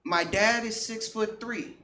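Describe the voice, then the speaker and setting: A high-voiced man from New York works a comedy club crowd with a crude, self-mocking stand-up bit. He talks casually into a handheld mic, and the recording is roomy, distant and noisy. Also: takes it slowly, pushed and bright. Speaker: stand-up comic.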